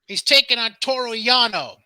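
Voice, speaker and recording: A man's voice: very high-pitched, moderate pace, dry recording. A man co-hosting a casual wrestling podcast, profane and teasing as he runs through the news. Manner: profane, teasing, lively storyteller. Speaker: podcast co-host.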